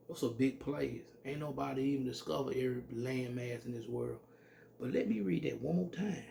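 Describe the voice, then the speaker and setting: A man giving an informal scripture teaching, reading verses slowly and then commenting bluntly with salty language. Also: medium pitch, vocal fry, dark tone, slight background noise. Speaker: religious teacher.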